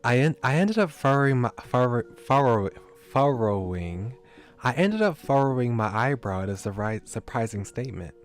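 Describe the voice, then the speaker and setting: A man's voice: mid-range voice, animated, normal speed, faint music behind. A man reading a visual novel aloud, chatty and self-deprecating, his voice getting scratchy. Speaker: streamer.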